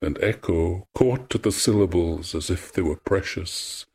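A man reading an old myth aloud as storyteller, in a measured, poetic way. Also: low voice, a little mellow, husky.

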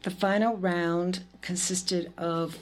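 A woman's voice: on the low side, steady tone, takes it slowly. Chatty woman hosting a poetry event. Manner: chatty, with fillers and asides. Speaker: event host. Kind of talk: introducing speakers at a reading.

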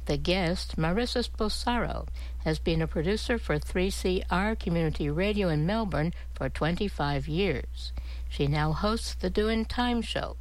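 Presenter: woman, slightly low voice, formal scripted read, dry close mic. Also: a little slow, no room sound, rough recording. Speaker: radio presenter. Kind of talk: scripted radio announcement.

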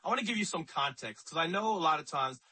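A man's voice: a little high, lively intonation, fast talker, sharp tone, husky, low-quality recording. A man hosting a talk radio show, speaking in a conversational, emphatic way and often repeating himself.

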